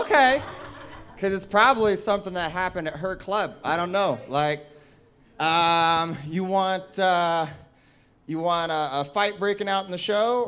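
On stage, a man does stand-up, spinning a rowdy tale in loose, lively speech full of laughs and curses. He speaks at a fairly high pitch.

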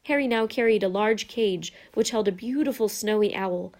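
A woman narrating a children's fantasy book with steady, measured reading. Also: medium pitch. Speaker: audiobook narrator. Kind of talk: scripted narration.

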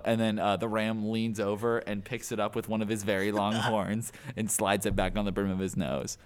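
A man with a very low, deep voice co-hosting an improvised comedy podcast. He talks in a playful, self-mocking way and rambles into long tangents. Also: flat delivery, brisk, few pauses, clear, resonant tone. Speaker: podcast co-host.

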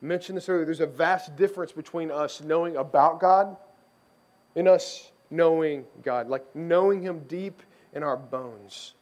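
Animated, high-voiced pastor man. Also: a little slow. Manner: conversational, animated storytelling, acts out quoted voices. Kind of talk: sermon with storytelling.

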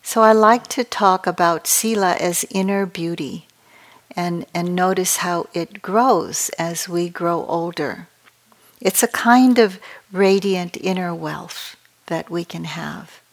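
A woman meditation teacher giving a dharma talk at a retreat, speaking in a calm, measured and reflective way. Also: on the low side.

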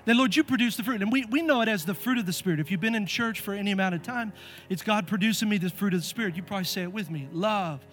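Middle-aged man preaching in church, higher voice, lively and playful telling of stories. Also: fast, faint music behind. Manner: animated, acts out voices in stories. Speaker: pastor. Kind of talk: sermon with storytelling. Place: church sanctuary.

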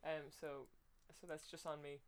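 A woman's voice: sits low, flat delivery, normal speed, crowd noise. A woman playing a tabletop game, chatting casually with many fillers. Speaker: player. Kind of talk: casual podcast chat.

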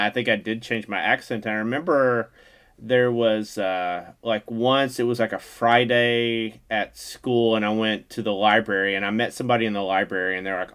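A man from East Tennessee rambles through a story on a casual podcast, packing his sentences with fillers. His voice sits a little low, and he keeps a self-amused tone. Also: a bit bright, smooth. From East Tennessee, USA. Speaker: podcast co-host.

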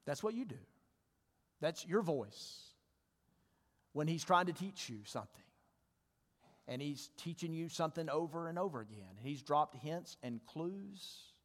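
A man's voice: fairly high pitch, big pitch swings, unhurried, pauses often, fairly bright tone. A male pastor giving a sermon in a church, talking conversationally and asking his congregation questions. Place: church sanctuary. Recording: long church reverb.

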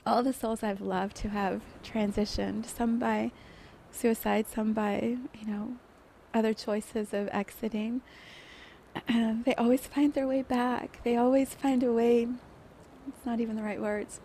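Woman, podcast host, slightly high voice, soft and emotional, personal storytelling. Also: flat delivery, measured pace, gravelly, slight background noise. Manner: soft, emotional, often laughing through tears.

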